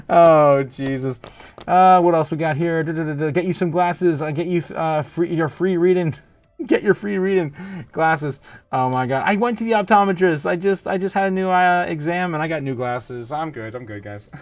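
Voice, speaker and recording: A man's voice: on the high side, lively intonation, a little slow. A man hosting a casual livestream, reading viewer comments aloud and laughing often, close to a desk mic. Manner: giggly, laughs often, reads chat aloud. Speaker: livestream host.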